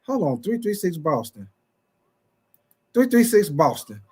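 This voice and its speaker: A man hosting a sports livestream in a slightly higher voice, chatting loosely and repeating his points. He calls out viewers from the chat by name and slips into playful mock-preacher asides. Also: big pitch swings, a little slow, darkish tone, husky. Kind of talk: casual sports talk livestream.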